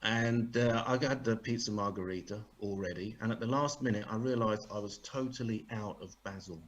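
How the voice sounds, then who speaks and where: A man's voice: lowish voice, a little fast, highs cut off. A man doing a dry, sarcastic stand-up set over a video call. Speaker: stand-up comedian.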